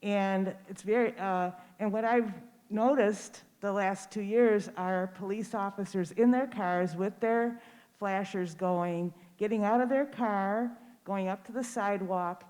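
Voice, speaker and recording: An older woman from Detroit speaks in a measured, hesitant way at a community listening session. She often pauses on fillers as she goes. Her voice carries a long reverb from a large school hall. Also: mid-range voice, steady tone, a little mellow. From Detroit, USA. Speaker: community member giving public comment.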